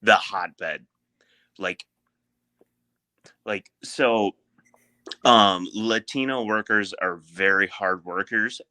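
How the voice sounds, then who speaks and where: Slow, rambling young man telling a story. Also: lowish voice, pushed and bright, dry recording. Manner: rambling, laughs through his story, filler-heavy. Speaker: podcast co-host. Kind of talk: casual storytelling chat.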